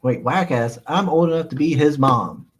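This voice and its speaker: A man hosts a casual live stream, reading chat messages aloud and rambling through his replies with frequent chuckles and plenty of "uh, let's see" fillers. His voice is on the high side and slightly rough, at a moderate pace.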